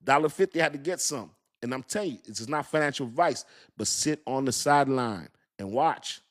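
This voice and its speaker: A man's voice: medium pitch, animated, a little fast, fairly bright tone. A man hosting a crypto livestream, chatting loosely with his viewers, reading their comments, joking and laughing often, searching aloud for words.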